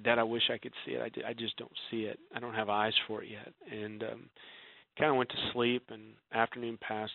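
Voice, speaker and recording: Gravelly man telling a heartfelt story. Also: on the low side, no room sound. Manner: earnest, voice drops soft in quotes. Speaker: guest author. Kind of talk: emotional personal storytelling. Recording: dry, phone-like narrow sound.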